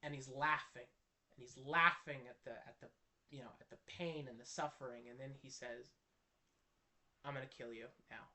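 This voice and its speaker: A man's voice: medium pitch, brisk, pushed and bright. A man telling a personal story to camera in an earnest, impassioned way, often restarting his sentences. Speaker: Christian video creator.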